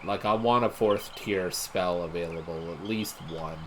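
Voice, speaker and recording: In a low voice and at a measured pace, a let's play host offers casual gameplay commentary, thinking aloud as he plays. The recording has background noise, with game music running under his speech.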